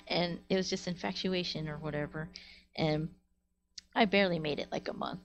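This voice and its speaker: A woman streamer with a lower voice speaks at normal speed, telling casual stories to her live chat from a home webcam or desk mic that picks up a little hiss or hum. She rambles, using many fillers, most often "like."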